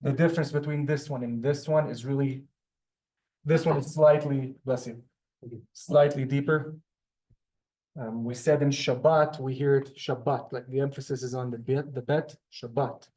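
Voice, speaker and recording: Mellow-voiced male teacher explaining. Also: mid-range voice, steady tone, moderate pace. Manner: explains step by step with many ums and asides. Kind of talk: classroom language lesson. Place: synagogue classroom.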